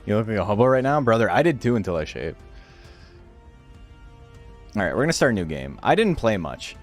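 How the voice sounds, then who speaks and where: A man's voice: lowish voice, big pitch swings, brisk, faint music behind. A man casually commentating a game stream, reading game text aloud with wry, offhand remarks.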